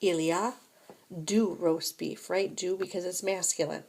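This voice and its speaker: A woman's voice: on the low side, steady tone, measured pace, a little mellow, slight background noise. A woman teaching a recorded French lesson, explaining grammar step by step and checking in with "right?" and "okay?".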